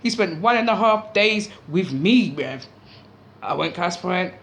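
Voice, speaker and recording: A young woman telling a story casually, in an animated, slangy way, swearing freely. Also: on the low side, measured pace, a little hiss or hum.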